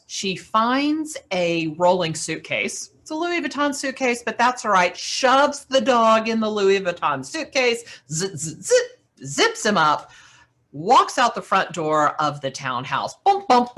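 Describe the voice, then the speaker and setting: A woman speaker telling an animated story to business owners, with dramatic swings in her delivery. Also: mid-range voice. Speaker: keynote speaker.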